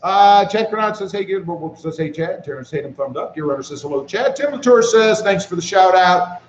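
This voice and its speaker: A man hosting a casual live stream, reading viewer comments aloud and greeting people by name in a relaxed way while he walks around with his phone. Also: high voice, a little fast, reverberant, lo-fi sound, slight background noise. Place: walking around outdoors.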